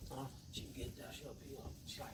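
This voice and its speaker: A man telling a profane story to friends, acting out the quotes and swinging between loud and quiet. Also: fairly quick, a crowd in the background. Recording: echoey room, far from mic, noisy.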